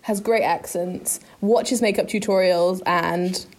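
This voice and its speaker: A woman's voice: lowish voice, steady tone, slow. A woman co-hosting a podcast in casual chat, teasing and jokey. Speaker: podcast co-host.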